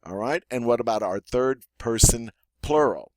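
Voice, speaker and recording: A man with a Southern American accent teaching a grammar lesson in an encouraging way, stretching out the example words slowly. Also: mid-range voice, lively intonation, darkish tone, dry recording. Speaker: French teacher. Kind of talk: classroom-style grammar lesson.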